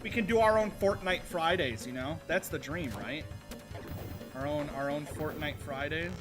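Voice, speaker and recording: A man's voice: on the high side, moderate pace, music in the background. A man streaming a retro video game, rambling casually to himself and his viewers as he plays. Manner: rambling, self-talking while playing, chatting with viewers. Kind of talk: casual gameplay commentary.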